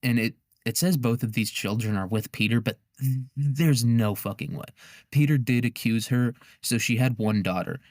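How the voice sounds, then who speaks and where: A man's voice: medium pitch, moderate pace, a little mellow, dry recording, studio quality. A man hosting a podcast, telling history as a casual comedic monologue, rambling and swearing, with frequent laughter. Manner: profane, rambling, laughs often. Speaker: podcast host.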